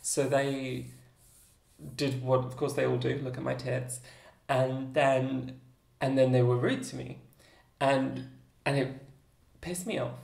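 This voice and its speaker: A woman's voice: very deep voice, fairly even intonation, slow pace, gravelly, pauses often, darkish tone, roomy sound. A young woman telling a personal story to camera in a candid, wry, joking way. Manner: candid, wry, self-deprecating humor. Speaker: YouTuber.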